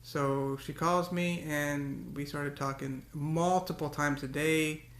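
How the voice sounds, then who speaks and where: A man's voice: on the high side, fairly even intonation, slow pace, fairly bright tone, reverberant. A man talking to the camera in a casual, rambling monologue, often repeating words and breaking into cursing rants. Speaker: vlogger.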